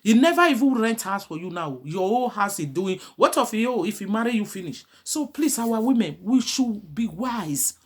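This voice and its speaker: A woman's voice: medium pitch, expressive, normal speed, hardly any pauses, slightly rough. A middle-aged woman giving a pleading, preachy advice monologue as a vlogger.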